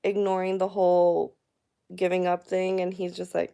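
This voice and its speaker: A woman's voice: lowish voice, level tone, normal speed, vocal fry, dark tone, clear, resonant tone. A woman in her thirties talking candidly to her viewers in a personal vlog, emotional and chatty with many fillers. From United States. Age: 30s. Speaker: vlogger. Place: at home.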